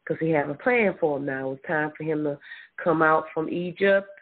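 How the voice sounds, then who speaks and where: Husky preacher on a tinny phone line. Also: medium pitch, a little fast. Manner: repeats words and restarts, affirms with mm-hmm. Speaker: Bible teacher. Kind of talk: informal sermon with scripture reading.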